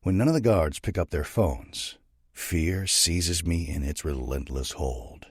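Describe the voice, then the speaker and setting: A man narrating a first-person dark romance audiobook with a grim, tense delivery. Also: very deep voice, measured pace, husky, dry recording, clean studio sound.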